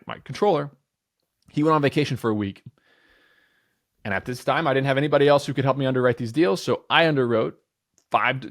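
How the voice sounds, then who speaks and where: Energetic man in his thirties, talking emphatically. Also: medium pitch. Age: 30s. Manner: energetic and emphatic, repeats phrases and restarts; sometimes swears casually. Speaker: podcast guest, entrepreneur. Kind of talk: casual podcast conversation.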